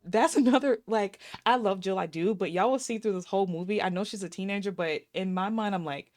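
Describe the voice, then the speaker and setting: A woman's voice: medium pitch, fairly quick. A woman in her thirties recapping and reviewing a film in a casual, sassy way, talking straight to her viewers. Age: 30s. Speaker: movie reviewer.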